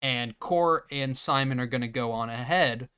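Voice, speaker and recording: A man's voice: mid-range voice, bright, forceful tone, clear, resonant tone. A man hosting a podcast, recapping a film in sarcastic, profane, casual chat. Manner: sarcastic, swears freely, recaps scenes in quick bursts. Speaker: podcast host. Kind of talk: casual movie-riffing chat.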